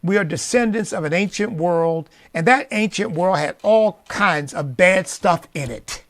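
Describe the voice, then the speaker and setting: A male radio host with a gravelly, fairly high voice delivers an emphatic monologue into a studio mic. He drops to quiet asides, then climbs to loud, preacherly peaks. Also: a little slow.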